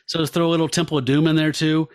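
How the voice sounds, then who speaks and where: A podcast host with a fairly high-pitched voice chats through comic panels, animated and rambling, dropping "um" and "like" as he goes. He sounds relaxed and enthused in casual talk. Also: quick pace. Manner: animated, describes panels with many fillers. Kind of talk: casual comic-book discussion.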